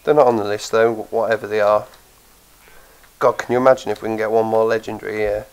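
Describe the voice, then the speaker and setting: A man's voice: lowish voice, steady tone, fast talker, clean tone, poor audio. A man with a cold and a blocked nose, tired, chatting casually as he plays and thinks aloud with plenty of ums. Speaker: gaming channel host. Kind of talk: casual gameplay commentary.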